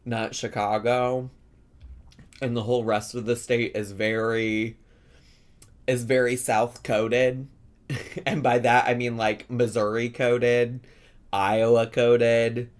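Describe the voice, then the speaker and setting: Sassy Midwestern man with a cough. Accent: Southern Illinois Midwestern. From Southern Illinois, USA. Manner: sassy and playful, big jumps up in pitch. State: lingering cough, cough drop in mouth. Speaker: YouTuber host. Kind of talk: casual reaction vlog chat.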